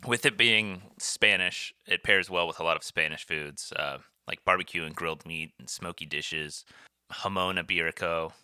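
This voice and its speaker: A man with a low, bright voice co-hosts a casual podcast, drifting through wine notes with plenty of "uh"s. The sound is close and dry, with no room around it. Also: moderate pace, clear, resonant tone, dry recording. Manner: laid-back, reads wine notes with many uhs. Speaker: podcast co-host. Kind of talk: casual chat.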